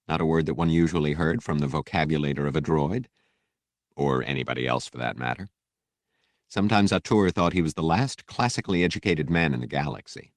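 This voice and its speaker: A man narrating an audiobook in a steady, measured storytelling voice. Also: extremely low pitch, no echo, clean studio sound. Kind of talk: scripted narration.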